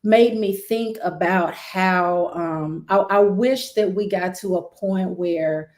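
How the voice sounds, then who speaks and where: A woman's voice: fairly low pitch, slow. A woman, a guest on a talk stream, speaking earnestly and telling a story in a conversational way. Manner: earnest, storytelling, animated when recounting. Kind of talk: conversational discussion.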